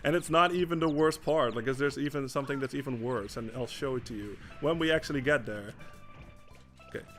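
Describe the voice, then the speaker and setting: A man's voice: mid-range voice, a little fast, fairly bright tone, faint music behind. A young man from the Netherlands chatting casually over gameplay, swearing often and restarting his sentences in exasperation. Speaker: gaming streamer.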